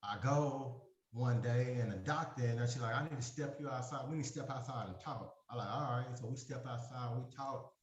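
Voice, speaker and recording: In a support group, a man shares a long personal story, rambling, full of fillers, and acting out the conversations he remembers. His mid-range voice moves at normal speed with hardly any pauses, and the audio is roomy and lo-fi.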